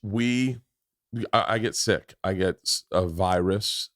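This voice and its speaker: A middle-aged man hosting a podcast, telling stories in a loud, laughing, profane way. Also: low-pitched, a little slow, no echo, clean studio sound. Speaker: podcast host. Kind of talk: casual chat and storytelling.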